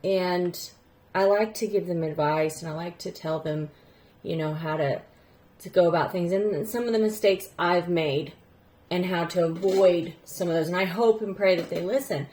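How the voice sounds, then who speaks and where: A woman in her thirties, a teacher, telling a personal story in an earnest, rambling way that often sinks to a soft, low voice. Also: normal speed. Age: 30s.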